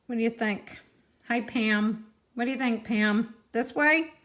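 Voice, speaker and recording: A woman's voice: on the high side, level tone, measured pace. Chatty woman hosting a craft class. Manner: chatty, reacts to viewer comments. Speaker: card-making class host. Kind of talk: live-streamed craft class.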